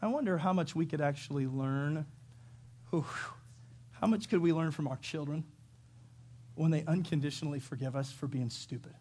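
Animated, higher-voiced man preaching a sermon. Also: moderate pace, long pauses, slight background noise. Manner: animated, acts out quotes with sudden loud shouts. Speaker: pastor.

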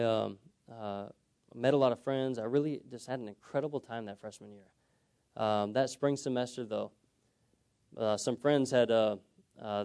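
A man's voice: medium pitch, a little mellow. A young man telling his personal story as a sermon to a congregation, conversational and often checking in with "okay?". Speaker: preacher. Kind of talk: sermon testimony.

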